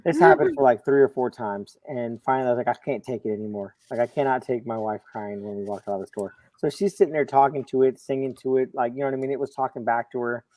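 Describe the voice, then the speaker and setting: A middle-aged man on a video call, a comics show panelist, telling a long personal story in casual chat with lively quoting. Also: medium pitch, quick pace, few pauses, no room sound, poor audio. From Florida, USA. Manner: storytelling, animated, quotes others.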